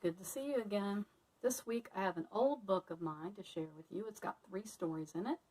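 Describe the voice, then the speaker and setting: A woman teacher reads a children's storybook aloud, friendly and expressive. Her voice sits in a middle register, and she is heard from a little way off the mic. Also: medium pitch, a little fast, far from the mic, poor audio. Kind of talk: reading a picture book aloud to children.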